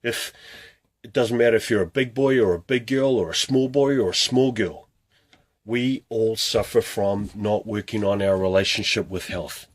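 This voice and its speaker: A man's voice: fairly low pitch, normal speed. A man talking to camera as a fitness coach, urging viewers with a string of earnest rhetorical questions. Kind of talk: motivational talk to camera.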